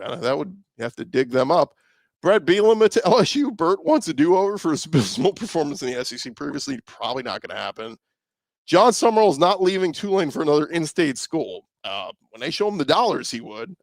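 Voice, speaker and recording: A man's voice: on the high side, dry recording. A man hosting a casual live stream, rambling and sarcastic as he reads out and reacts to viewer comments. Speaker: podcast host reacting to live chat.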